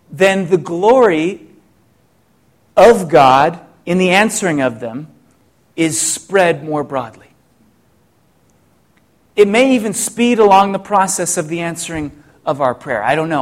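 Middle-aged guy preaching, kinda high voice, asks lots of questions, restarts a lot. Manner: reflective, rhetorical questions, many restarts. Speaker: pastor. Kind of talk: sermon.

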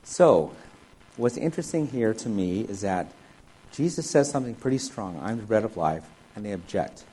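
Husky-voiced man teaching a sermon. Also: medium pitch, mellow, poor audio. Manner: expository, reads scripture aloud then explains it. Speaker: preacher.

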